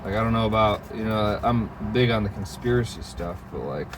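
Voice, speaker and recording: A man's voice: fairly low pitch, expressive, a little fast, noisy background. A man vlogging in a casual chat, rambling with lots of fillers and the odd swear word.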